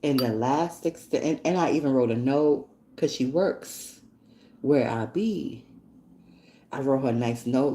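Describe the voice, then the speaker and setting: A woman hosting a podcast, telling stories in a blunt, profane, animated casual monologue. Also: a bass voice, a little slow, slight background noise. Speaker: podcast host. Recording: echoey room.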